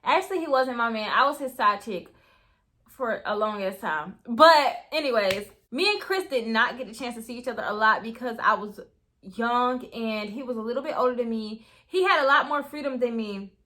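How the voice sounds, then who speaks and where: A young woman telling a story in a casual, animated way. She swears freely and keeps talking straight to her viewers. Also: on the high side, moderate pace. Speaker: storytime vlogger.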